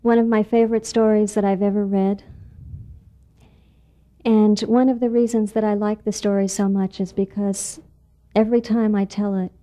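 A woman storyteller performing a tale live, narrating gently and dropping to hushed near-whispers. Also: medium pitch, level tone, normal speed. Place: live performance in a barn venue.

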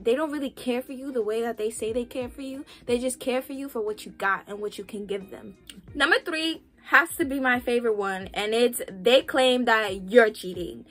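A young woman vlogging casual relationship advice, sassy and animated, talking straight to the viewer. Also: a little high, moderate pace.

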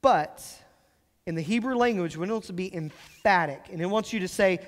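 A man preaching a sermon as pastor, explaining scripture and slowing down to stress key phrases. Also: sits high, long reverb tail. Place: church sanctuary.

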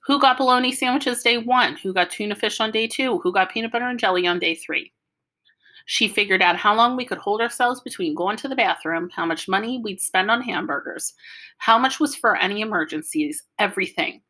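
A woman reading a novel aloud with lively, wry storytelling. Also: medium pitch, brisk. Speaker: audiobook reader. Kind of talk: storytelling narration.

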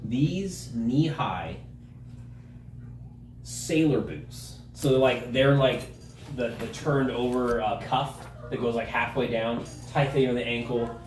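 A game master narrating a tabletop game in a laughing, lively way. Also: medium pitch, slow pace. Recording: echoey room, mic far off, noisy.

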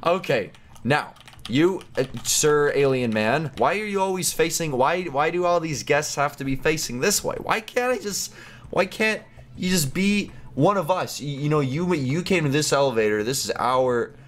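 A young man giving casual, goofy commentary while playing a game, chatty and quick to laugh and react. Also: fairly high pitch, expressive, a bit bright. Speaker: gaming YouTuber.

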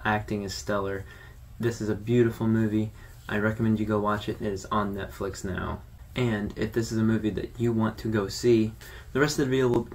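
Low-voiced man reviewing a film casually. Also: distant mic. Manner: conversational, loose with fillers and restarts.

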